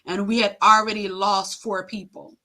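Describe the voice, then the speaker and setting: With a mid-range, level, sharp-toned voice, a middle-aged woman shares an emotional personal story as an interview guest. She speaks haltingly, filling gaps with fillers and acting out what people said.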